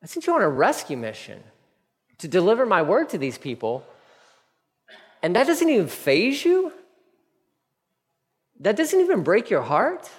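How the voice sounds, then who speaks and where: A man's voice: sits high, wildly swooping pitch, unhurried, pauses often, voice pushed up, exaggerated voice. A man voicing God rebuking a sulking prophet with incredulous, pointed questions. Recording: long hall reverb.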